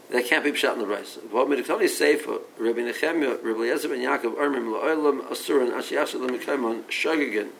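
A man with a gravelly, slightly bright mid-range voice teaches Talmud, thinking aloud and weaving Aramaic and Hebrew terms into his English. Repeated words and restarted sentences are common, and the rough recording carries slight background noise.

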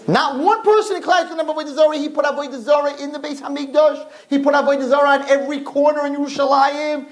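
Animated, high-voiced male preacher. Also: low-quality recording. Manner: dramatic storytelling, emphatic repetition. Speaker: religious teacher addressing girls. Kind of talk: sermon.

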